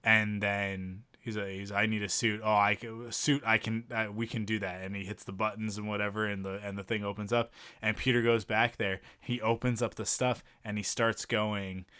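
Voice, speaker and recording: A man co-hosting a podcast reviews a film, enthusiastically retelling a scene in casual chat and often restarting his sentences. His fairly low voice is bright, forceful, clear, and resonant. The recording is dry and studio quality.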